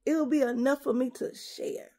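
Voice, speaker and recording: A woman's voice: high-pitched, fairly even intonation, moderate pace, warm tone. A middle-aged woman, rambling emotionally to her viewers in a casual confessional vlog, on the verge of tears. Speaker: vlogger.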